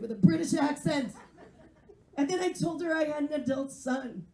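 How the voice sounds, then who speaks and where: A woman's voice: high voice, lively intonation, fairly quick, dark tone, roomy sound. A woman in her forties performing a stand-up comedy set, wry and self-mocking as she chats with the crowd. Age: 40s. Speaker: stand-up comedian and English teacher. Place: live comedy venue.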